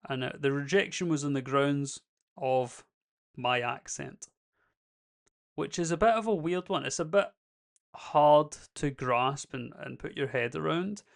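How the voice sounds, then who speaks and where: A man's voice: a little high, measured pace, creaky. A young man with a Scottish accent, talking candidly and a bit ramblingly in a casual vlog. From Scotland. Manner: candid, rambling and self-deprecating. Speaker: YouTube creator.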